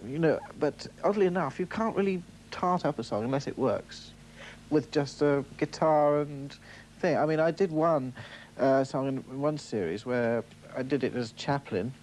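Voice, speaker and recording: A man talking casually as an interview guest, a singer-songwriter explaining how he performs his songs in a relaxed way. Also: mid-range voice, moderate pace, slight background noise.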